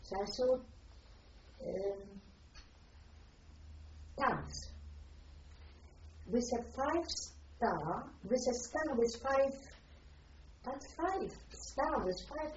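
An older woman from Poland, giving personal testimony in a reflective, halting way as she searches for words. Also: on the high side, animated, a little hiss or hum. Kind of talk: personal testimony, recalled aloud. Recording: distant roomy lo-fi recording.

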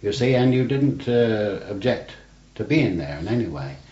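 Older man with a very deep voice. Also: sing-song, moderate pace, dark tone. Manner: rambling, anecdotal, frequent "you see". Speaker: navy veteran interviewee. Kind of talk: oral history interview. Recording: roomy, dull archival tape with faint hiss.

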